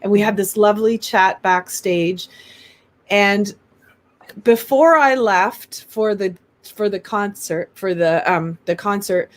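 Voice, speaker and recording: A woman's voice: medium pitch, slow. A woman guest on an interview show, telling a personal story in casual chat and acting out the voices of the people in it. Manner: animated, acts out quoted voices.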